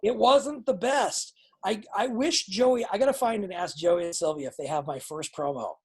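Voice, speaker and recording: Brief: husky woman wrestling trainer, blunt and excitable, swears freely, heard over a video call. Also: medium pitch, moderate pace. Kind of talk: live online coaching feedback.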